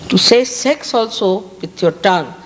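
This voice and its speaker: A woman's voice: medium pitch, lively intonation, moderate pace, in a large hall, a little hiss or hum. A woman from India, giving a spiritual talk to an audience and stressing her points by repeating key words. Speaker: spiritual teacher. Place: outdoor park gathering.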